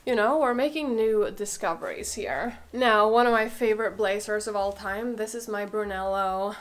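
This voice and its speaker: A woman's voice: medium pitch, moderate pace, a little hiss or hum. Gushing young woman with a cold. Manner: gushing, chatty, peppered with "like" and "oh my god". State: has a cold, a bit out of breath. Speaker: fashion vlogger. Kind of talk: casual try-on chat.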